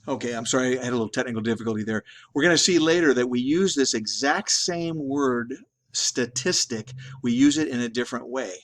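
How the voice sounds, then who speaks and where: A man's voice: mid-range voice, fairly quick. Man giving a rambling statistics lecture. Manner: conversational, repeats and restarts words often. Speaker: statistics instructor. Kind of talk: recorded lecture.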